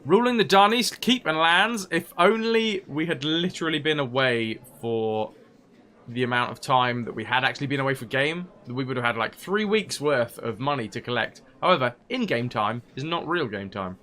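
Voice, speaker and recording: A man chats his way through a role-playing game on a livestream, reading quest logs and cracking jokes as he goes. His voice is bright and bouncy, with a pitch that rises and falls a lot. He sounds close to a desk mic at home. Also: animated, moderate pace. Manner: joking, chatty, laughs often. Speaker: streamer. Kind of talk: casual let's-play commentary, reading quest text aloud.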